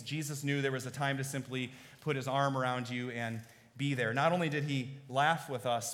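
A man preaching a sermon as pastor, moving between hushed, earnest appeals and lively storytelling. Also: medium pitch. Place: church sanctuary. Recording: long reverb of a large church hall.

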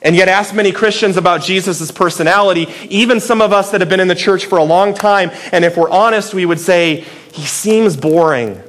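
A man's voice: high-pitched, steady tone, a little fast, few pauses, a bit bright. A man preaching a sermon in a playful, conversational way, asking the listeners many rhetorical questions. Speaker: pastor.

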